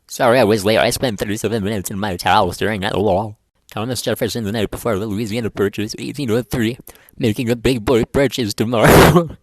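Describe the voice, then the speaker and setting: Dry, deadpan man with a lowish voice. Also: moderate pace, dry recording. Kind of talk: reading tweets aloud to camera.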